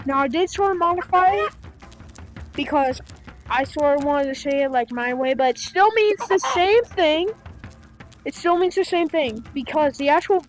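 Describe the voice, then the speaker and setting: A woman's voice: high-pitched, normal speed, soft background music. A young woman hosting a gaming channel, chatting to viewers in a rambling, playful way with many fillers. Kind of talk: casual chat to viewers.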